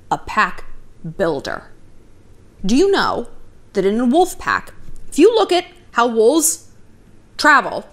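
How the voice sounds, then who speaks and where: Animated chatty woman giving advice. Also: fairly high pitch. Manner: chatty, swears freely, lively storytelling asides. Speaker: commentary vlogger giving dating advice. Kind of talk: casual direct-to-camera advice talk. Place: home near a river, outside noise.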